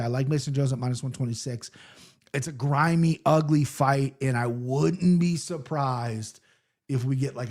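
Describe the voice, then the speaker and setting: A man's voice: fairly high pitch, darkish tone. A man co-hosting a casual fight-picks show, a joking storyteller who swears freely. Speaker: podcast co-host.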